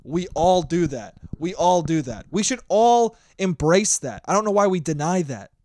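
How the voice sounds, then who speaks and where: A young man hosting his own podcast, ranting with lots of swearing and sometimes shouting into a handheld mic. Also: high voice, moderate pace, dry recording, clean studio sound. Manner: profane, animated ranting; shouting at times. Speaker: podcast host. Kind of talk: solo podcast monologue.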